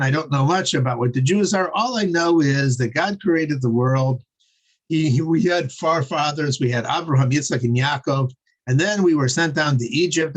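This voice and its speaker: A man voicing a poor, uneducated male water carrier who speaks humbly and apologetically in a somewhat high voice. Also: close to an everyday voice. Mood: humble. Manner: humble, pleading, self-deprecating.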